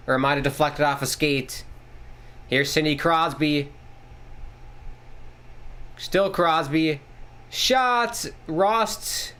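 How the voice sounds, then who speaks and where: A man hosting a casual live watchalong, calling the play-by-play excitedly and swearing casually. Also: clear, resonant tone. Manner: excitable, jumps pitch on big plays, swears casually. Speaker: watchalong host.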